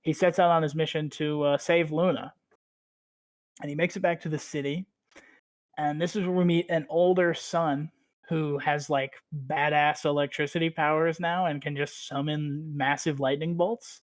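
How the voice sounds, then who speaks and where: A man with a somewhat high voice hosts a podcast and recaps a story in loose, rambling chat. He swears freely and fills his talk with "like". The sound is dry and close, with no room around it. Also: fairly even intonation, normal speed, no echo. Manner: rambling, profane, heavy use of "like". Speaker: podcast host.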